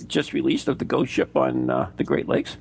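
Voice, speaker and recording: A man's voice: medium pitch, wildly swooping pitch, normal speed, gravelly, a little hiss or hum. A man from the United States, co-hosting a podcast in casual, jokey banter, often repeating words as he goes. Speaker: podcast co-host.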